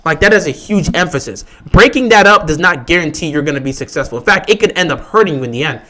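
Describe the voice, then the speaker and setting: A man with a slightly higher-than-average voice hosts a casual fan livestream about football. He argues his opinions emphatically and repeats points to drive them home. Between his arguments he answers questions from viewers. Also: lively intonation, quick pace, bright, forceful tone. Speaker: livestream host.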